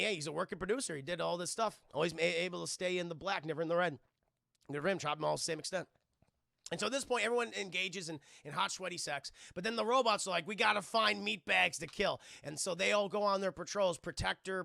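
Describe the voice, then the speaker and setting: A man's voice: sits high, gravelly, sharp tone, dry recording, clean studio sound. A man casually recapping a movie on a live stream, rambling and cursing and constantly addressing his chat. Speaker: film reviewer and streamer. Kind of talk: casual livestream film review.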